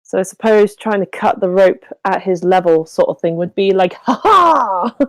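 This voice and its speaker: A woman's voice: on the low side, steady tone, moderate pace, mellow, no echo, rough recording. A woman playing a tabletop game in casual chat, hesitant, with many ums and cheerful swearing. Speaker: player.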